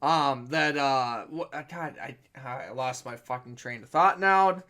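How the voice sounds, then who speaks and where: A man's voice: medium pitch, a little slow, sharp tone. A man from the United States hosting a casual podcast, ranting in a rambling, profane way. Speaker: podcast host.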